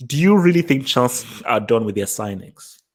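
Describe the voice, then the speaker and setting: A man hosts a live football fan stream. He teases his viewers, repeats himself and laughs often. His pitch leaps far up and down as he gets worked up. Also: normal speed. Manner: taunting, excitable, repeats himself, laughs at chat. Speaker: host of a football fan show.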